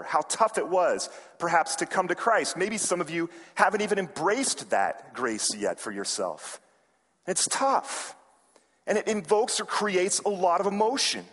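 A man preaching a sermon, telling a story and acting out its characters. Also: high voice. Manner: animated, acts out quoted characters with raised voice. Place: large hall or sanctuary. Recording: reverberant church hall.

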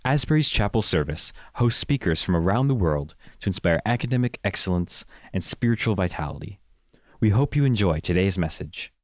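Deep male announcer, even scripted read, dry studio sound. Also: fairly quick, dry recording. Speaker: podcast announcer. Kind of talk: scripted intro.

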